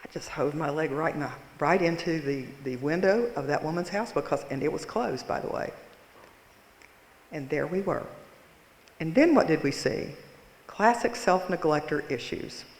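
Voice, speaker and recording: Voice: mid-range voice, moderate pace. A conference presenter telling a story in a wry, self-mocking and dramatic way, then reading a case aloud. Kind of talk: storytelling keynote talk. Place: large conference hall. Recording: roomy hall reverb.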